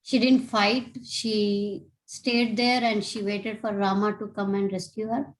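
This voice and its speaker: Hesitant young woman answering slowly. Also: mid-range voice, flat delivery, poor audio. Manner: hesitant, halting speech with restarts. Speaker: student participant. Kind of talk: answering a question in a session.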